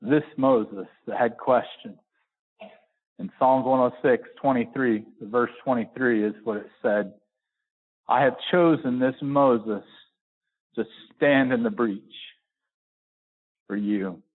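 Man preaching over a tinny line. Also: slightly rough. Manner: builds to high emphatic peaks, slows to stress words; folksy with repeated restarts. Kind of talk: sermon with scripture reading. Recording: narrow phone-like sound.

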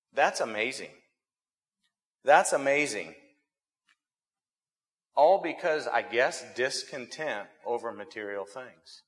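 A man preaching to his congregation in a relaxed, folksy sermon voice. His speech has a middle pitch and a conversational tone, and he often repeats words as he gathers his thoughts. Long reverb from the church sanctuary trails each phrase. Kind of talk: sermon with storytelling.

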